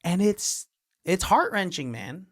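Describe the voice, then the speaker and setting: A man's voice: sits high, very animated, slow pace, fairly bright tone, no echo, studio quality. A young man hosting a casual movie review chat, retelling scenes and laughing often. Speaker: podcast host.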